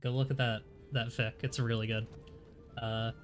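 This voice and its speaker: A congested man with a medium-pitched voice streams a game, speaking at normal speed with a flat delivery. He chats casually and pokes fun at himself while faint game music plays behind him.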